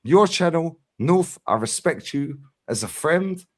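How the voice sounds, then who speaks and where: A man's voice: a little high, lively intonation, a little slow, a crowd in the background. A middle-aged man, arguing hard on a fan livestream and pushing each point with a challenging "yeah?". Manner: combative, emphatic, constant "yeah?" tags. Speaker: fan channel streamer. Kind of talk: heated livestream debate.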